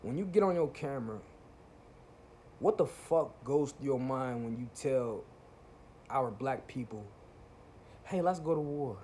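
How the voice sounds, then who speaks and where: A man's voice: mid-range voice, expressive, unhurried, pauses often, darkish tone, slight background noise. A man talking to camera in a casual spiritual monologue, preachy and profane, often asking if listeners feel what he's saying. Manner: preachy, repeats "you feel what I'm saying", swears freely. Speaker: channel host.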